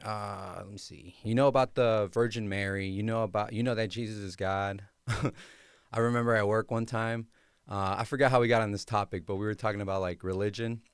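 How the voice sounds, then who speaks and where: A young man talks casually through his own story on a podcast, loose and slangy with plenty of ums and likes. His voice sits a bit low and comes across smooth and clean. The sound is dry and close, with no room echo. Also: fairly even intonation, brisk. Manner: laid-back, slangy, many fillers. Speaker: podcast host.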